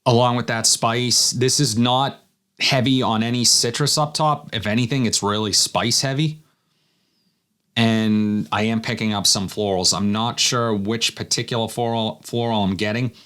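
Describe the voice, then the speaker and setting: A man with a fairly low voice talks through his first impressions of fragrances. He sounds relaxed and thinks aloud as he goes. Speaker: fragrance reviewer. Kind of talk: casual first-impressions review.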